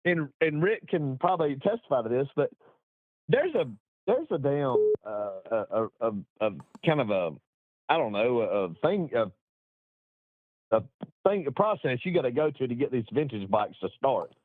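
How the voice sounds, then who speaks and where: Very animated and speaking at normal speed, this middle-aged man has a medium-pitched voice. As a guest, he casually rambles through a long racing story, salty and self-mocking, frequently laughing at himself, all over a dry, thin, phone-like line.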